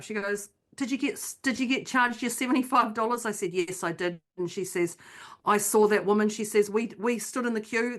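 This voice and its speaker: A woman, co-hosting a podcast and telling a personal story in casual chat, acting out what she and others said. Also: mid-range voice. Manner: animated storyteller, acts out her own quotes. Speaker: podcast co-host.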